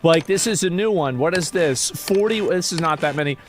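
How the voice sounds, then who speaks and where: Over faint background music, a streamer chats casually on a livestream, reading posts aloud and answering chat in a rambling, mocking, profane manner. His voice sits fairly high and moves at a moderate pace.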